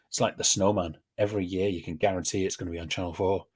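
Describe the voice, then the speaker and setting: Brief: British male podcast host with a lowish voice, chatty, rants and laughs easily. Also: steady tone, fast, husky. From Britain. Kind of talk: casual chat.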